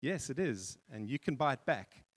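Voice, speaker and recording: Man voicing a shopkeeper, lowered pitch, firm, matter-of-fact, church-hall reverb. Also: very animated, normal speed. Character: firm adult male shopkeeper.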